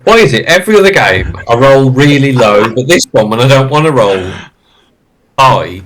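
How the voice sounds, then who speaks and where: A man's voice: mid-range voice, very animated, moderate pace, fairly bright tone, a little hiss or hum, poor audio. A man playing in a tabletop horror game, complaining in an exasperated way. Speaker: player. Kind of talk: casual game chat.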